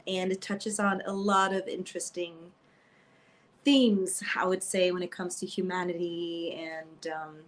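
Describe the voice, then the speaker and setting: A woman as a guest in a casual interview, speaking hesitantly with halting phrases and many fillers. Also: on the low side.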